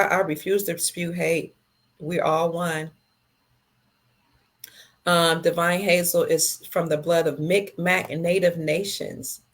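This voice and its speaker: A middle-aged woman hosting a casual livestream, reading viewer comments aloud and answering them slowly and tenderly. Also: lowish voice.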